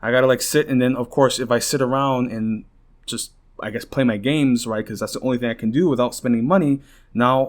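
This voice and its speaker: A young man hosting a podcast vents in a rambling, frustrated rant, swearing and restarting, sounding exhausted and near tears. His voice is medium-pitched and brisk.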